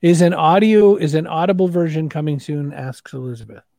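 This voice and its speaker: A male host runs his podcast at a quick clip, upbeat and jokey. His voice is a bit higher than most men's but mellow in tone. The sound is dry and close. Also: gravelly, no room sound. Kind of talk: casual podcast hosting.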